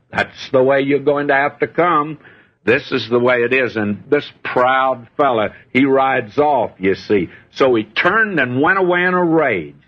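An older male preacher gives a folksy, conversational Bible sermon. His voice is husky and a little breathy, and the recording is dull and lo-fi, like an old sermon tape. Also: mid-range voice.

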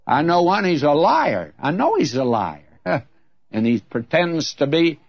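A man's voice: a little high, very animated, measured pace, dry recording, lo-fi sound. Man, radio Bible teacher, folksy sermon, earnest, humorous asides, dry close sound.

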